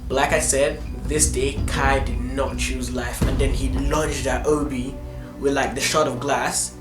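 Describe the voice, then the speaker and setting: A man's voice: mid-range voice, a little slow. A man from Nigeria tells a school story for his vlog in loose, slang-heavy talk. His voice sounds roomy, and music plays behind it throughout. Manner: casual, animated, lots of slang and fillers. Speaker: vlogger.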